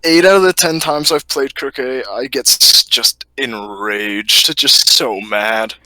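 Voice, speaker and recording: A man's voice: medium pitch, takes it slowly, bright, forceful tone. A young man co-hosting a podcast, bantering casually and laughing often. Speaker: podcast co-host.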